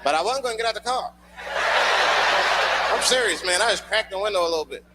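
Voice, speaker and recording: High, lively man doing stand-up. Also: fast. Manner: loose, profane storytelling with shouted punchlines. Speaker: stand-up comedian. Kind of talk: stand-up comedy routine. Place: comedy club stage before a live audience. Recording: noisy live club recording.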